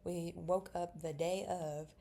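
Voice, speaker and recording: A woman's voice: on the low side, fairly even intonation, slow pace, warm tone. A young woman in casual chat while drawing, rambling and mumbling to herself as she works. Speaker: vlogger.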